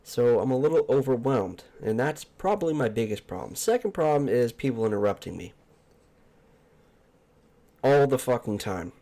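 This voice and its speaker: A man's voice: mid-range voice, expressive, moderate pace, mellow. A man hosting a casual solo podcast from a room at home, talking in a profane, exasperated, ranting way. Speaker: podcast host. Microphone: headphones and desk mic.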